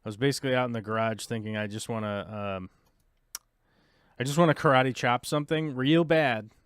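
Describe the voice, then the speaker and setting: A man's voice: medium pitch, fairly quick, clean tone, no room sound, clean studio sound. Frustrated man muttering at his computer. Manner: frustrated, mutters to himself while fiddling with software. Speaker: podcast host. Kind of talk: casual livestream chat.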